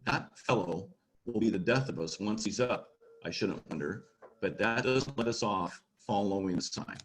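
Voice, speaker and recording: A man reading aloud as a gloomy but steadfast male marsh creature in a storybook, slow and earnest. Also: fairly low pitch, a little hiss or hum, close to an everyday voice. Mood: encouraging.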